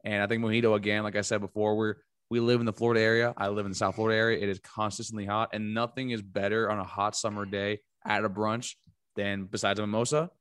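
Smooth-voiced laid-back male podcaster. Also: lowish voice, little pitch movement, quick pace, fairly bright tone, no room sound, clean studio sound. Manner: laid-back, rambling with restarts and fillers. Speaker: podcast co-host. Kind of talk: casual chat.

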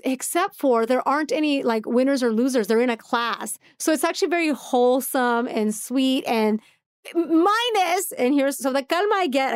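A woman with a high voice, chatting casually as a podcast co-host. She tells stories with animation and laughs often, and her voice sounds dry and close. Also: clear, resonant tone, dry recording. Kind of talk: casual chat.

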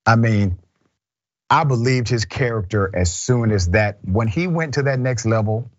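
A man hosting a news commentary show, talking in an animated, emphatic and wry way. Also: lowish voice, a little slow, dry recording, muffled recording. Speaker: show host. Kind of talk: casual commentary.

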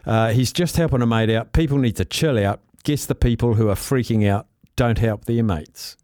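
A New man hosts a sports talk radio show, reading listener messages aloud and tossing in quick asides. His voice sits mid-pitch. The studio sound is dry and close. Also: darkish tone, dry recording. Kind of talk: reading listener texts and taking calls.

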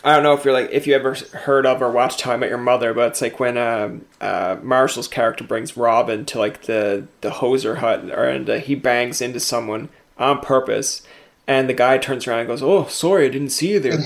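A man hosting a casual interview, animated and acting out the voices in his anecdotes. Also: medium pitch, a little fast, vocal fry. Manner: animated storyteller, acts out quoted voices. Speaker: interview host.

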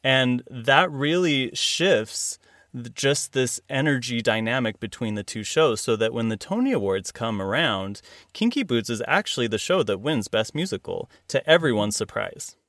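A man hosting a casual interview, relaxed, mostly short reactions. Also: mid-range voice, moderate pace, dry recording, clean studio sound. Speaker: podcast host.

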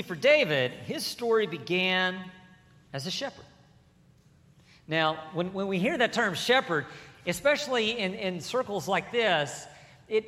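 A man preaching a sermon as pastor, animated, moving between soft asides and emphatic lines. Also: sits high. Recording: hall reverb.

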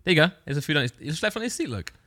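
A man's voice: fairly high pitch, very animated, racing, sharp tone, dry recording, clean studio sound. A man telling a long story in casual chat on a podcast. He rambles, corrects himself and laughs as he goes. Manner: rambling, self-correcting, laughs through his own story.

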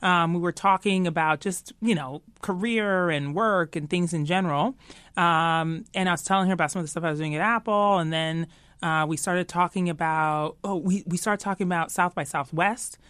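A woman's voice: fairly low pitch, normal speed, fairly bright tone, clear, resonant tone, dry recording, studio quality. A woman being interviewed, talking animatedly and laughing easily, peppering her talk with "you know". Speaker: guest, tech executive. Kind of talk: casual interview chat.

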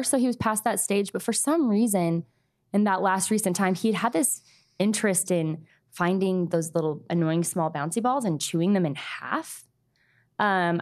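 A woman in her thirties, a guest, telling a painful personal story in a halting, soft-spoken way with many pauses. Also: mid-range voice. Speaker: grieving mother guest.

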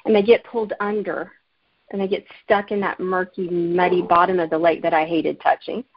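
A woman's voice: lowish voice, level tone, normal speed, dry recording. A woman author from Alabama, telling her story in an earnest, storytelling way during an interview and laughing easily. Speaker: author and guest. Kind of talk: interview conversation. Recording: muffled lo-fi remote audio.

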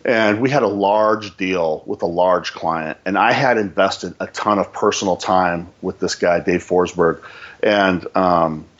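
Husky low-voiced man telling a story. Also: a little slow, lo-fi sound. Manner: animated, emphatic, repeats phrases for effect. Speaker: sales manager. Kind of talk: casual storytelling on a podcast.

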